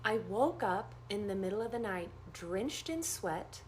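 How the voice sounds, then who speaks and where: A woman nurse telling a story in a casual first-person way, animated and acting out the dialogue. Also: unhurried, a little hiss or hum. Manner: animated, acts out quoted dialogue with big pitch jumps.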